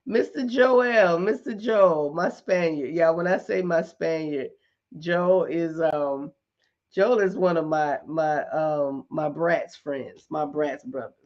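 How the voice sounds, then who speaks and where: A middle-aged woman hosting a casual live chat with her viewers, talking in an animated way, repeating points for emphasis and laughing often. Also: deep voice, slow pace, muffled recording. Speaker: host.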